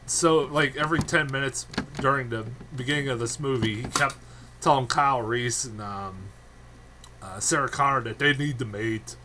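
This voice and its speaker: A man's voice: mid-range voice, noisy background. A man giving a casual, rambling film review, swearing freely and laughing often.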